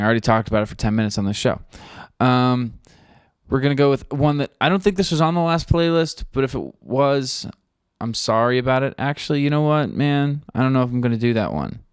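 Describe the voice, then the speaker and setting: A podcast host rambles casually in the studio, cursing freely and leaning heavily on filler words. His medium-pitched voice is clean, with no echo.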